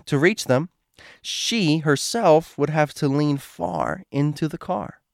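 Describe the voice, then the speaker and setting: A show host reads a creepy true story post aloud, tripping over words and adding his own asides. His voice is fairly high and creaky, slow-paced, with clean studio sound and no room sound.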